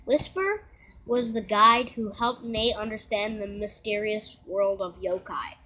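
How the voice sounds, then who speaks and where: A woman reading a children's book aloud in a slow, halting way, correcting herself. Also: mid-range voice, little pitch movement, bright, forceful tone, poor audio. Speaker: reader.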